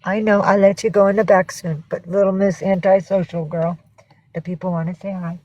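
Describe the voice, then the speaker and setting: A woman's voice: on the low side, little pitch movement, fairly quick, dark tone, lo-fi sound. A woman hosting a casual livestream from home, rambling and swearing as she greets viewers and coaxes her cats. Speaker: livestream host.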